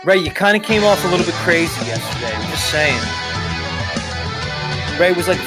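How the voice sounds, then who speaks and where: A man's voice: fairly high pitch, lively intonation, moderate pace, pauses often, loud music behind the voice. A man hosting a live stream show, talking casually in a rambling, profane way and chuckling often.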